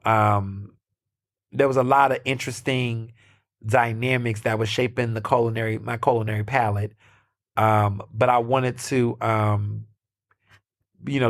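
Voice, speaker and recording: A man's voice: lowish voice, level tone, a little slow. An American man hosting a podcast, telling a story in a chatty way, full of fillers, restarts and sassy asides. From United States. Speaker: podcast host. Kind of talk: casual solo storytelling.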